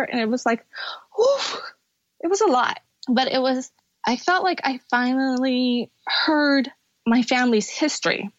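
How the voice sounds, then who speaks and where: Young adult woman, guest, candid halting storytelling, higher voice, dry muffled sound. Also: lively intonation, no echo. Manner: candid, tearful at times, halting. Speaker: podcast guest. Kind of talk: emotional personal storytelling.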